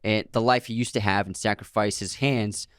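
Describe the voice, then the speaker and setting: Man chatting in halting restarts. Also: lowish voice, steady tone, a bit bright, smooth, dry recording, clean studio sound. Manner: halting, many restarts and self-corrections. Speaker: podcast co-host. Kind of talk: casual movie podcast chat.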